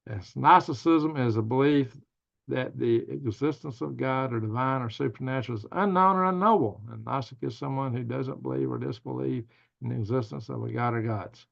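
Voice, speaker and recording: A man's voice: medium pitch, fairly quick, gravelly, highs cut off. A man hosting a casual livestream, reading viewer comments aloud and answering them in a rambling, thinking-aloud way. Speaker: livestream news host.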